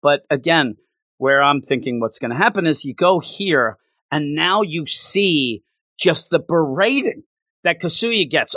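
Podcast co-host, male, slightly high voice, dry close sound, animated and chatty. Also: no room sound. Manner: animated, acts out characters' lines in quick bursts. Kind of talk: casual chat.

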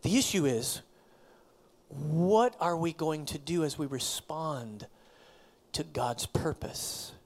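A man's voice: fairly high pitch, takes it slowly. Preaching man dropping to near whispers. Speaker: pastor. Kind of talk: sermon.

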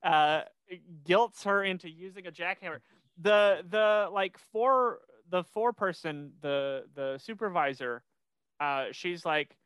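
A young man chats casually on his podcast, bouncing through a recap with frequent restarts. His voice is bright and clear, set somewhat high, and the recording is close and dry. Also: takes it slowly, no room sound. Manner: rambling, many restarts, animated. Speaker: podcast host.

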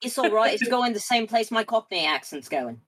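A woman's voice: on the high side, lively intonation, normal speed, fairly bright tone, slightly rough, low-quality recording. A woman playing in a tabletop game, chatting casually and joking around. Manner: playful, joking. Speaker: player.

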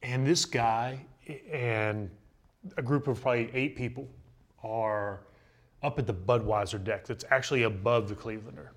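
A young man tells a casual story as a guest, his voice sitting at an ordinary pitch. He is animated and laughs easily as he talks. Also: moderate pace. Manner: animated, laughing anecdote teller.

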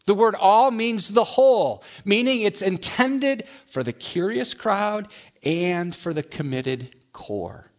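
A man preaching a sermon, mixing quick asides with slow, emphatic lines. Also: high voice, animated. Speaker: pastor.

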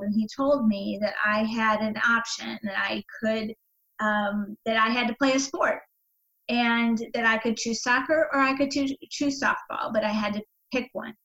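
Brief: woman guest, fairly high voice, candid rambling storyteller, dull lo-fi sound. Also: a bit bright, reverberant. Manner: candid, meandering, with many fillers and restarts. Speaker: interview guest. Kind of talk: personal storytelling in conversation.

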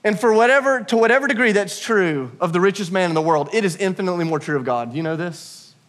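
A man in his thirties preaching a lively, humorous sermon to his congregation, calling on them to answer. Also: sits high, fast talker. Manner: energetic, humorous, calls out to the congregation. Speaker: pastor.

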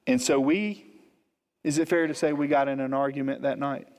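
Preacher in a reverberant hall. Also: male voice, medium pitch, normal speed. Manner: animated, humorous storytelling with acted-out quotes. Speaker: pastor. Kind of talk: storytelling sermon.

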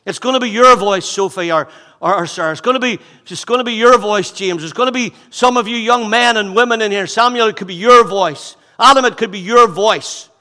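A man in his sixties delivers a sermon with fervour, repeating his phrases for emphasis. His voice is bright and forceful, sitting a little high. A long reverb from the church hall trails each line. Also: brisk, few pauses. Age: 60s. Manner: fervent, repeats phrases, swings from loud exhortation to hushed intensity. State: out of breath. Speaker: pastor.

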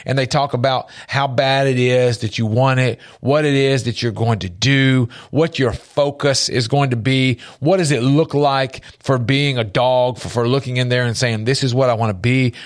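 A man co-hosting a faith-based talk show, telling stories with lively jumps in pitch. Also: moderate pace, hardly any pauses. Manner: animated storytelling, jumps up in pitch for quoted voices. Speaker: podcast co-host.

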